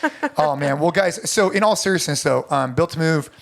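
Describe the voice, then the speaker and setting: A man's voice: a little high, normal speed, gravelly. A man hosting a podcast in casual chat, enthusiastic and full of friendly banter. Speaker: podcast host.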